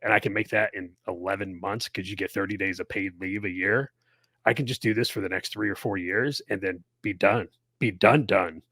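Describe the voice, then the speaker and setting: A man's voice: sits low, fairly even intonation, fairly quick, bright, forceful tone, no echo, clean studio sound. A man who retired from the army, co-hosting a podcast and chatting in a laid-back way, often repeating himself while thinking. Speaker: podcast co-host, retired soldier. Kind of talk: casual chat.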